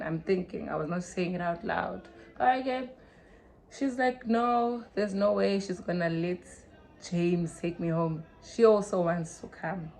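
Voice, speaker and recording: A young South African woman telling a story in a casual, animated way, mixing Zulu into English and swinging from loud to hushed. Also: on the low side, measured pace, creaky. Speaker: vlogger.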